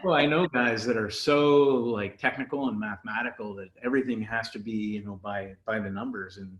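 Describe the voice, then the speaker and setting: A man's voice: fairly low pitch, fairly even intonation, a little fast, lo-fi sound. Laid-back man on an echoey call. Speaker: winery founder and guest. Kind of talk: casual video chat storytelling.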